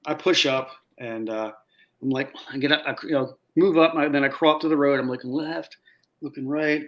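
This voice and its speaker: Animated man telling war stories. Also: a little high, normal speed. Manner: animated, laughing storyteller acting out quotes. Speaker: guest, former Marine sniper. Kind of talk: casual storytelling chat.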